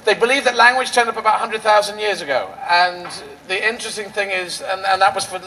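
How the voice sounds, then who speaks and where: A man's voice: high-pitched, steady tone, brisk, pushed and bright, low-quality recording. A male stand-up comedian on an outdoor rally stage, riffing in a rambling, absurdist, playful way into a stage microphone.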